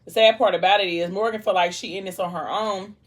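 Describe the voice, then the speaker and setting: A woman's voice: mid-range voice, steady tone, fast. A woman vlogger chatting casually, retelling a book's scenes while eating, reading out dialogue and leaning on "like". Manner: chatty storytelling, reads out dialogue, fillers like "like".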